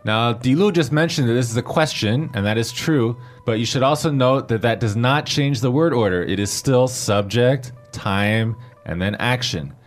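A man's voice: mid-range voice, normal speed, few pauses, faint music behind. A man hosting a language lesson who patiently explains grammar and spells out pinyin letter by letter.

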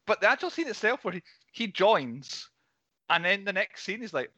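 A man's voice: high voice, big pitch swings, normal speed, bright, forceful tone, dry recording, lo-fi sound. A man co-hosting a casual film review podcast, rambling and laughing between points. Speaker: podcast co-host.

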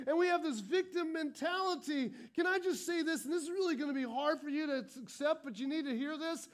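A man's voice: extremely high pitch, a little fast, hardly any pauses. A male pastor delivering a sermon, emphatic and repetitive, often restarting his sentences.

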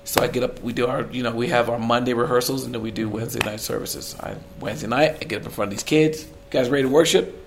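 A middle-aged man, a worship leader, telling his story in a podcast conversation, animated and acting out the voices he quotes. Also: mid-range voice, fast, background noise.

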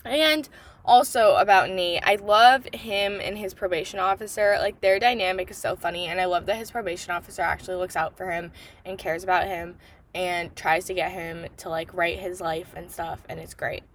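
A woman's voice: on the low side, steady tone, moderate pace, slight background noise. A woman hosting a book podcast, chatting casually and rambling with lots of fillers. She gushes and gets exasperated, swearing freely. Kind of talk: casual book review chat.

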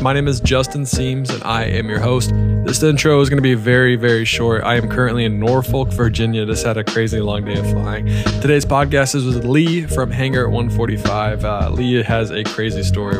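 A man hosting an aviation podcast, upbeat and quick to laugh. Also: medium pitch, steady tone, over music. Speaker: podcast host.

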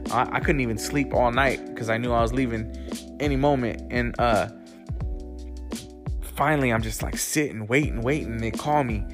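A man in a middle-pitched voice tells his own story casually, full of swearing and loose "like" fillers. He stops and restarts his sentences as he goes. Music plays clearly underneath him. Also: normal speed. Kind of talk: casual first-person storytelling.

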